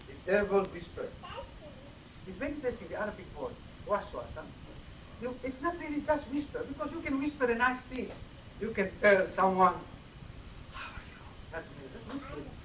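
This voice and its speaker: A man giving a mosque sermon in a teacherly way, often checking his listeners with short questions, on an old cassette tape. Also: sits high. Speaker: preacher giving a Friday sermon. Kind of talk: explanatory sermon. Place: mosque hall. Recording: roomy, distant 1980s cassette tape with faint hiss.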